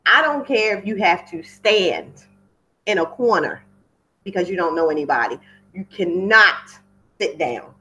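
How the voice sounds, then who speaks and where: Speaking at a measured pace with lively intonation, this woman has a lowish, bright, forceful voice captured in lo-fi sound. She's running a casual webinar for wedding pros, going off script and leaning on repeated words through her computer microphone.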